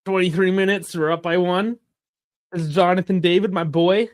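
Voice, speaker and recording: Young male streamer for live match watch-alongs: rambling, excitable, loud shouts at near-misses, slightly high voice. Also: moderate pace, no echo, studio quality. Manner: excitable, swears often, bursts into shouts at chances; chatty, rambling with restarts.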